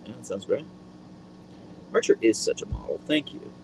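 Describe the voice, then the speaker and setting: A man hosting a casual live stream, rambling in a friendly way with lots of fillers, speaking into a boom mic. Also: huge pitch swings, normal speed, vocal fry, noisy background. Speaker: livestream host.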